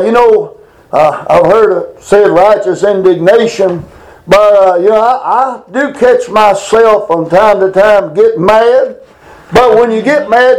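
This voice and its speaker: A middle-aged man giving a casual Bible lesson, rambling through folksy stories and reading scripture slowly. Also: high voice, a little mellow, low-quality recording. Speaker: Bible teacher.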